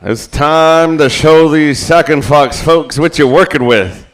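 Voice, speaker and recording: A man's voice: a little high, takes it slowly. A man emceeing a powwow over the PA in an outdoor arena, joking between calls. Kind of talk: live arena announcing.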